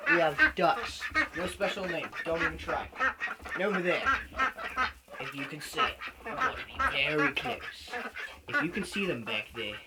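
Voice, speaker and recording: A man giving a joking farm tour outdoors at night in a mock Australian accent, filmed while walking. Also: on the high side. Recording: noisy outdoor recording.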